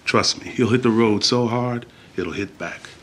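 A man's voice: mid-range voice, measured pace, fairly bright tone. Man doing a menacing hired fixer. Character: menacing male hired fixer making threats.

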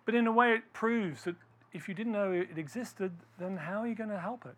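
A man's voice: sits high, brisk, a bit bright. A man giving a storytelling talk to a live audience, quizzing listeners with questions as he tells the story.

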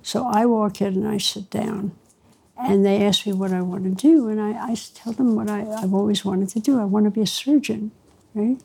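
A creaky, husky yet mellow mid-range voice belongs to an older woman who works as a pediatrician. Her intonation stays fairly even at a moderate pace as she reflects wryly on her story in an interview, pausing to laugh between phrases.

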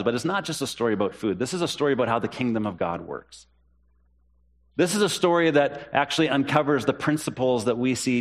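Earnest man preaching a sermon. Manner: earnest, repeats key phrases for emphasis; rises in pitch when voicing the disciples' questions. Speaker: pastor.

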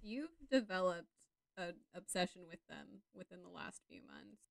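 A woman's voice: lowish voice, animated, normal speed, gravelly, no echo. A woman co-hosting a casual podcast, playful and giggly, rambling through her notes. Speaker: podcast co-host. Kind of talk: casual chat.

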